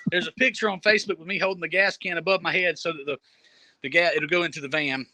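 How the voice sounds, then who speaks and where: High, bright-voiced man telling a story. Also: quick pace. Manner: animated, laughing, repeats words. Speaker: storyteller guest. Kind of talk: casual storytelling. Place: Jamaica.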